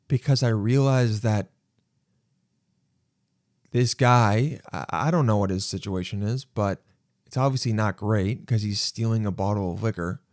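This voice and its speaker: A man hosting his podcast, telling a story in an animated, self-mocking way and swearing freely. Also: lowish voice, dry recording, studio quality. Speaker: podcast host. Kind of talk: casual storytelling monologue.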